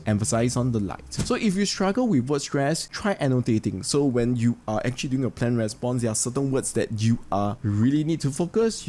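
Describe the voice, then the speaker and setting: A male English teacher with a Singaporean English accent, explaining a lesson step by step and saying example sentences slowly with stress. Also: medium pitch, dark tone, slight background noise. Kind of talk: instructional lesson.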